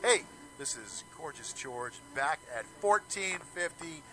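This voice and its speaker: Brash, lively male radio host. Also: fairly high pitch, measured pace, a little hiss or hum. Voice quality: showy, bawdy, swings from shouting to mumbling. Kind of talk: brash live radio banter.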